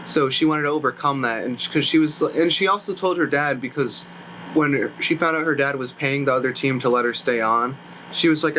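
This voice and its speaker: A man's voice: mid-range voice, brisk, bright, forceful tone, a little hiss or hum, rough recording. A young man rambling sarcastically through a movie recap in casual commentary, often correcting himself. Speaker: YouTuber reviewing a movie.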